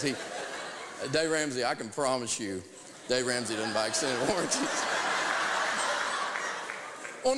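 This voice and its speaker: A middle-aged man teaching a lesson, telling a story in an animated, self-mocking way. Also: a little high, big-room sound, noisy background. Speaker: financial teacher. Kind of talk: storytelling lesson to a live audience.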